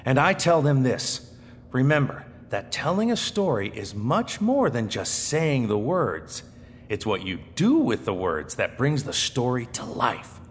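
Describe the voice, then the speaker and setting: A man teaching how to tell stories, demonstrating with his voice as he goes, from fast and excited to slow and hushed. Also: medium pitch. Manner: expressive, shifting between fast excited and slow hushed delivery. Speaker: storytelling teacher. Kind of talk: instructional talk with dramatic demonstrations. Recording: echoey hall with faint noise.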